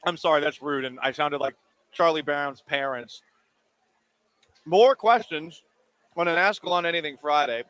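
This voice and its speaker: Man, 30s, sports talk host: animated, jokey, slightly high voice, dry close mic. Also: moderate pace, long pauses, no echo. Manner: animated, jokey, talks while eating. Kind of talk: casual call-in radio talk. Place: radio studio. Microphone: studio microphone.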